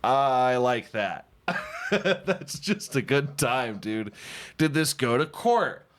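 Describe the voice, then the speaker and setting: Profane laughing man, lively pitch. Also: slow pace. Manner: profane, laughs often, mocking joking tone. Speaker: podcast host. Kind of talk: casual comedic podcast banter.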